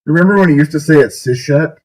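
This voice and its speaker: A man's voice: mid-range voice, very animated, normal speed, a little mellow, breathy edge, rough recording. A man hosting a stream, giving sarcastic commentary on videos, often breaking into incredulous laughter. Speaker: streamer host.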